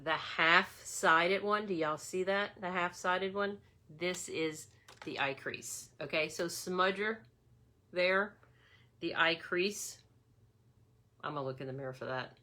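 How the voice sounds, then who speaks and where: Bright-voiced woman demoing makeup. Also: lowish voice, slow. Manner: chatty, addresses viewers as y'all. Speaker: makeup demonstrator. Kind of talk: casual makeup tutorial.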